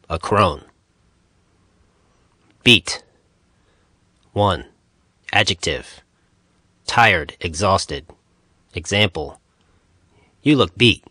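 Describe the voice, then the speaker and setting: A man narrating an audiobook, reading dictionary entries in short, measured phrases. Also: sits low, pushed and bright, dry recording, studio quality.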